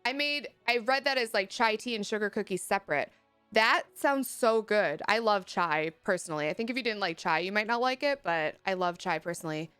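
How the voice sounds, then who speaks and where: A woman's voice: mid-range voice, expressive, brisk, fairly bright tone, clean tone. A young woman chatting casually on a live stream, reading chat messages aloud and laughing often. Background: faint music.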